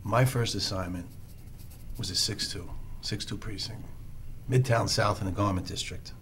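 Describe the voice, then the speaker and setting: An actor playing a world-weary police detective who tells rambling, sardonic street stories. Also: male voice, on the low side, moderate pace, fairly bright tone, slight background noise, close to an everyday voice. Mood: storytelling. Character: wisecracking world-weary male NYC cop. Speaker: police detective under evaluation. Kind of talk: film dialogue, storytelling monologue.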